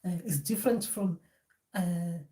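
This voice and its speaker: A woman's voice: lowish voice, measured pace, dark tone. A woman giving a spiritual teaching talk in a conversational way, with many fillers and restarts.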